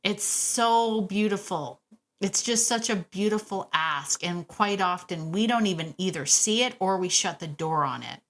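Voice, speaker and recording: A woman hosting a solo podcast about dog training, chatty and warm, laughing often and repeating phrases for emphasis. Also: medium pitch, unhurried. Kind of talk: casual solo podcast talk.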